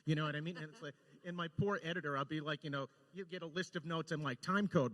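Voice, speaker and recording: Animated man with a bright voice. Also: on the high side, fast talker, few pauses, in a large hall. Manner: animated, laughing, acts out quotes. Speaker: storyboard director guest. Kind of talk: lively anecdote-telling.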